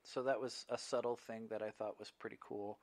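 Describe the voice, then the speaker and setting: A man's voice: fairly low pitch, fairly even intonation, fairly quick, a little mellow, no room sound. A man co-hosting a podcast, chatting casually and teasing his co-host with wry remarks. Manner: wry, teasing, reads out contest results. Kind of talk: casual chat.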